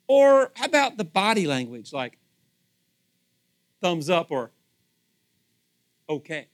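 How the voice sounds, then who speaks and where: Middle-aged male pastor, high voice, lively sermon delivery, rhetorical questions. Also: unhurried, pauses often. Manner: animated, rhetorical questions, acts out quoted voices.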